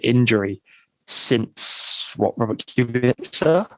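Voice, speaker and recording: A man's voice: medium pitch, animated, takes it slowly, fairly bright tone, no echo, poor audio. A man co-hosting a podcast in casual chat, talking things through in thoughtful, longer runs. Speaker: podcast co-host.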